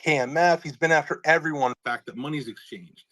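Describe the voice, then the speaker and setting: A man's voice: on the high side, a little fast, pushed and bright, no room sound, low-quality recording. A man in casual online chat, talking heatedly and swearing often. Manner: swearing, worked up.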